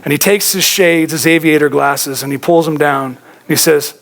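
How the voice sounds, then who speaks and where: A man's voice: on the high side, steady tone, normal speed, creaky, hardly any pauses, fairly bright tone. A man preaching a sermon as pastor in a church, talking casually to the congregation and telling stories. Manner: conversational storytelling preacher, addresses audience as guys.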